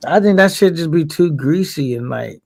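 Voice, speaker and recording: A man's voice: fairly high pitch, lively intonation, normal speed, creaky, a little mellow, dry recording. A man in casual, profane podcast banter, teasing and laughing.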